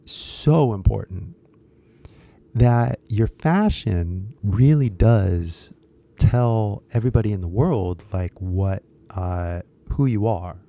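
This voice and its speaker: A man's voice: lowish voice, animated, slow, gravelly, dark tone. A man talking casually to his viewers in a loose, chatty way, full of fillers and restarts, now and then switching into Japanese. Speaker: English teacher and shirt seller.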